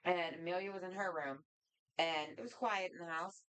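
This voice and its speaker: A woman with a fairly low voice chats as co-host of a live bar show. She teases her friends and tells stories in a relaxed, chatty way. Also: normal speed, smooth. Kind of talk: casual bar chat.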